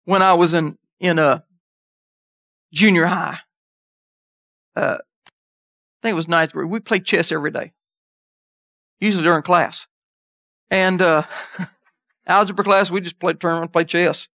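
A man preaching an animated sermon who reads scripture aloud and jumps into high voices for emphasis. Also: measured pace, gravelly, long pauses, no echo, studio quality.

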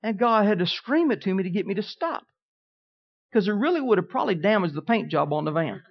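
A man's voice: sits high, lively intonation, brisk. Folksy preaching man, dull recording. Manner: folksy storytelling, swings from quiet to loud. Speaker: pastor. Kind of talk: sermon.

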